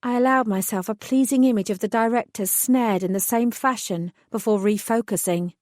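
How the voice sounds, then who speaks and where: A woman's voice: fairly high pitch, moderate pace, few pauses, darkish tone, dry recording. A woman narrating a first-person fantasy audiobook in a dry, composed way.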